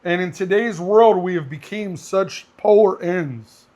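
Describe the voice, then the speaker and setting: Brief: high-pitched male podcast co-host, blunt and animated, firearms instructor. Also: unhurried, lo-fi sound. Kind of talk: casual podcast chat.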